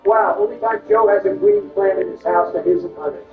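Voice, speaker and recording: Trading crude jabs in bickering impressions, a man delivers comedic game commentary in a high-pitched, sing-song voice at a moderate pace. Music plays under a recording that is roomy, muffled and far away.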